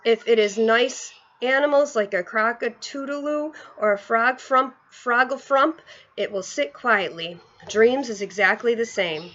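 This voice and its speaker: A woman's voice: on the high side, measured pace, fairly bright tone, dull audio. A woman reading a storybook aloud, voicing a big kindly male giant who talks in muddled, rustic grammar. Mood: earnest.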